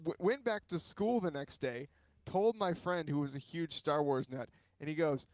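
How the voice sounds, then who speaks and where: A man's voice: a little high, moderate pace, darkish tone, dry recording. A man hosting a talk show, rambling and repeating words as he tells a story. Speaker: show host. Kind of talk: casual chat.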